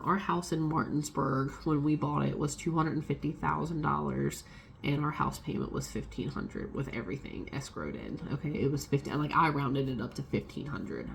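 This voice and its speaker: A woman's voice: deep voice, gravelly, slight background noise. A young adult woman vlogging a casual storytime, swearing freely and acting out what others said. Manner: swearing, animated retelling with quoted voices.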